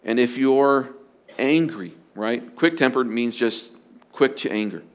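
A man's voice: medium pitch, measured pace. A man preaching as a pastor, earnest and emphatic, often repeating his phrases for stress. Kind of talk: sermon on marriage.

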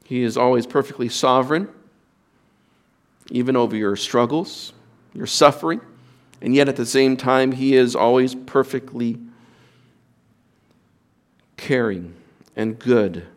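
A man's voice: mid-range voice, steady tone, moderate pace, long pauses. A male pastor preaching a sermon in an earnest, emphatic way, repeating words and restarting phrases.

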